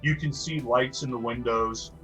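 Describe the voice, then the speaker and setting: Bright-voiced male game master. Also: medium pitch, steady tone, moderate pace, faint music behind, poor audio. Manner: describing scenes with restarts and fillers. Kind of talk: narrating a tabletop game.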